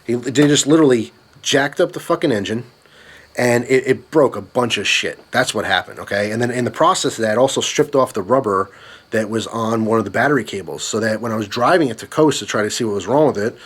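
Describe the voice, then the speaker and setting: A man's voice: medium pitch, brisk, fairly bright tone, husky. A young man telling a story in a vlog, swearing often and ranting with anger. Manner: profane, ranting. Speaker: vlogger.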